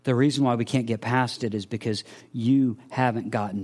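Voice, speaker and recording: A man's voice: mid-range voice, fairly even intonation, moderate pace, a little mellow. A man preaching a sermon, earnestly asking searching questions and acting out the voices of imagined listeners. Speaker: pastor.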